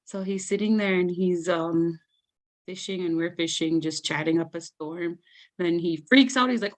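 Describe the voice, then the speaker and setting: A young adult woman telling funny family stories as a guest storyteller at a live event, animated and laughing often. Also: fairly low pitch, moderate pace. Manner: animated, laughs often, acts out family members in raised voices.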